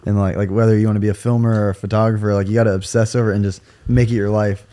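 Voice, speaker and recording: Man, young, low-ish pitch, laid-back, slangy, host. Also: flat delivery, rapid-fire, mellow. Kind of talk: casual chat.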